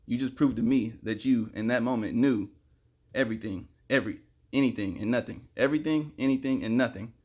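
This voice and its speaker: Sweating in the heat, a young man with a husky, medium-pitched voice delivers a fast, excitable spiritual monologue to the camera, rambling and erupting into sudden loud outbursts.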